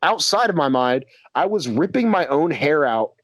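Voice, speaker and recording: Young man, podcast co-host, lively swooping voice, slightly high, dry close sound, crude laughing storyteller. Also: normal speed, no room sound. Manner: crude, laughing storyteller acting out friends' lines. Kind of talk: casual storytelling.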